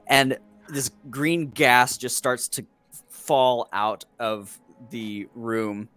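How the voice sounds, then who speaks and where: Casting note: man game master, slow lively narration, dry close sound. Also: medium pitch, no echo, faint music behind.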